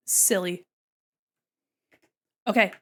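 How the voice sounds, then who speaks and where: A woman's voice: very slow, a bit bright. A woman art streamer chatting casually and playfully with her viewers while she works on a drawing. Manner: chatty and playful, talks to chat while working.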